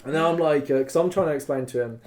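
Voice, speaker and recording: A fairly high-voiced man tells a rambling story on a podcast. He is animated and loose, leaning on "like" and dropping the odd swear word. He talks in casual chat. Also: quick pace, over a noisy crowd. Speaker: podcast co-host.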